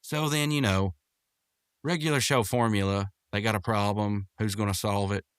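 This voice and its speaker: Low-voiced man rambling through a cartoon recap. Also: fairly even intonation, normal speed, clear, resonant tone, no room sound, clean studio sound. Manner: rambling, full of fillers and restarts, quotes characters in raised voices. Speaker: podcast host recapping a cartoon episode. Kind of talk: casual episode recap.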